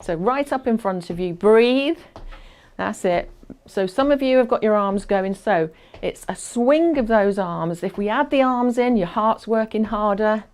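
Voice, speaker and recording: A woman's voice: mid-range voice, unhurried, a little mellow. A woman instructing a fitness class, chatty and encouraging, counting down aloud and a little out of breath as she exercises along.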